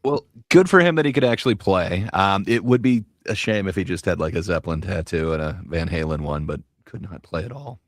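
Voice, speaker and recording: A male panel host talks through his verdicts in a measured, hesitant way, often pausing on fillers. His voice sits low and sounds dry and close. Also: expressive, no echo. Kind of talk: casual panel discussion.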